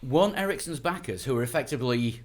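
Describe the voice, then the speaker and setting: A man's voice: medium pitch, lively intonation, fast. A man co-hosting a casual motorsport chat podcast, thoughtful and a little hesitant, laughing easily. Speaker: podcast co-host.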